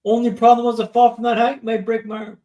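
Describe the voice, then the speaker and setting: Guy in his 30s spinning a dramatic story, kinda high voice, echoey room. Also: flat delivery, fast talker, warm tone. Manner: vivid dramatic storyteller, checks in with "right?". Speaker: podcast guest. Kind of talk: storytelling interview.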